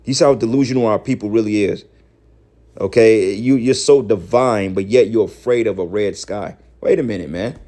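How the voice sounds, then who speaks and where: A man giving heated, profane preaching commentary, scolding his listeners and rising to shouts. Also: lowish voice, moderate pace. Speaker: religious commentator.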